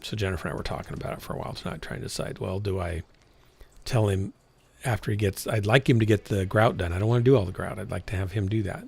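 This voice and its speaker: A man's voice: on the low side, quick pace, vocal fry, a little mellow, breathy edge. A man in his sixties streaming from home, chatting in a frank, rambling way that often corrects itself and trails off. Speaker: game streamer. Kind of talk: casual rambling chat while streaming.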